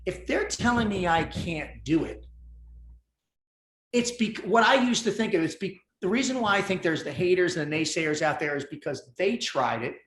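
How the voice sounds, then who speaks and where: Intense male storyteller with a higher voice, recorded in an echoey room. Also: normal speed. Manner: intense, animated, swears freely. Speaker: podcast guest. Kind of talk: storytelling in casual conversation. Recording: roomy echo.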